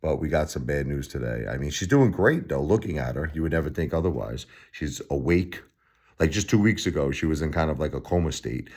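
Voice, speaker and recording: A man's voice: a bass voice, expressive, a little fast, darkish tone. A man in his forties from Brooklyn with a Brooklyn accent, talking bluntly and from the heart in a late-night vlog, repeating phrases and laughing wryly. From Brooklyn, New York. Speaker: vlogger.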